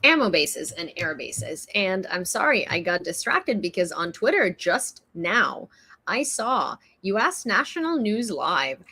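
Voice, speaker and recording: A woman's voice: medium pitch, fairly bright tone. A woman from Ukraine, hosting a casual livestream news chat in a chatty, giggly way, often restarting her sentences into a phone. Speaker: livestream host.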